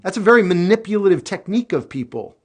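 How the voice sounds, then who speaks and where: A man's voice: sits high, quick pace, faint music behind. A man hosting a live stream, giving casual life advice with candid reflection and sudden goofy outbursts. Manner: animated, goofy bursts of shouting.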